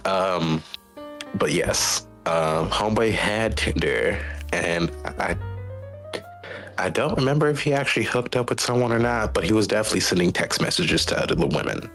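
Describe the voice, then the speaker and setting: A man's voice: on the low side, normal speed, a bit bright, faint music behind, low-quality recording. A man hosting a stream, telling a long story in casual, profane, rambling chat. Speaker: streamer host.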